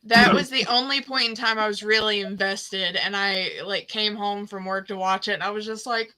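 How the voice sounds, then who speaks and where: A woman on a podcast jumps in with quick, chatty comments. Her voice is bright and sharp. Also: mid-range voice, steady tone. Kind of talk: casual chat.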